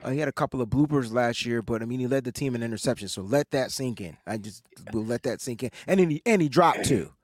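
A man's voice: mid-range voice, expressive, fast talker, few pauses, no room sound. Man chatting on a football podcast, laid back, laughs a lot, dry mic. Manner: laughing, easygoing banter. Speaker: podcast co-host. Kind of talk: casual panel chat.

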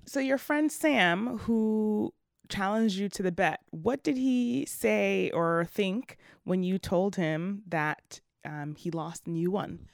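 A woman host reading scripted narration in a clear, measured way. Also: medium pitch, no echo. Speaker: podcast host.

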